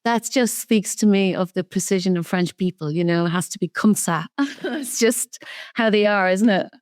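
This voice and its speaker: An Irish woman speaking as a podcast guest, telling animated stories and laughing often. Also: medium pitch, normal speed, no room sound, clean studio sound. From Ireland. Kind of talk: casual conversational interview.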